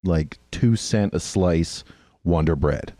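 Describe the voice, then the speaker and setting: A man with a very deep, dark and mellow voice banters on a podcast. He jokes crudely and swears freely. The sound is close and dry. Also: slow pace, dry recording. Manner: crude, profane and joking. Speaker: podcast co-host. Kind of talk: casual banter.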